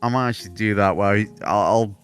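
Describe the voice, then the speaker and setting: A man's voice: fairly low pitch, fast, fairly bright tone, clear, resonant tone, faint music behind. A man co-hosting a podcast, explaining his ideas about a game in a thoughtful way. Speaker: podcast co-host. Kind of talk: casual gaming chat.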